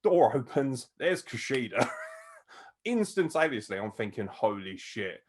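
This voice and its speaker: A man hosting a casual wrestling review, excitable, swearing freely and laughing often. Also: medium pitch, unhurried, husky. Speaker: podcast host.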